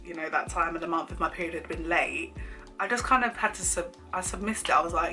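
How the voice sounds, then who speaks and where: Bright-voiced woman telling a story. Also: on the low side, fast, soft background music. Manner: animated, laughing often, acts out quoted lines. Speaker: vlogger. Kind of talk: casual storytime chat.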